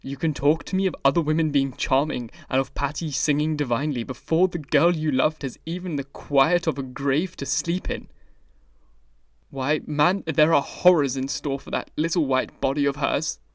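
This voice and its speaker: A man's voice: on the high side, steady tone, moderate pace, dry recording, studio quality, natural voice. A man reading the part of an earnest older painter in an audiobook, grave and pleading. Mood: pained. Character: grave, anguished male painter friend.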